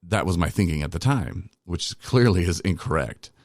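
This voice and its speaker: On his recovery podcast, a very deep-voiced middle-aged man tells loose, honest stories from his past, self-deprecating and prone to tangents. His delivery is lively at normal speed and a little mellow. The sound is close and dry, with no room at all.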